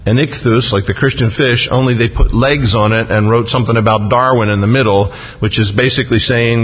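A male pastor preaching an expository sermon in a church sanctuary, slowing down to stress scripture. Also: mid-range voice, husky. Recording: dull, reverberant hall sound.

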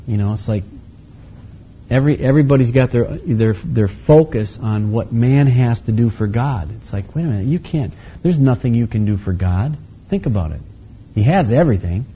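A pastor with a medium-pitched, mellow, slightly rough voice preaches a conversational sermon, heard through a slightly muffled lo-fi recording. His casual, folksy delivery is full of asides and restarts.

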